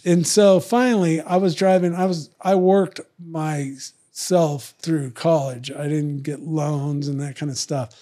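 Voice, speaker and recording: A man's voice: a little high, fairly even intonation, a little slow, hardly any pauses, warm tone. A middle-aged man telling stories in casual chat, blunt and profane, acting out both sides of old arguments. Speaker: guest. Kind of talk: casual storytelling.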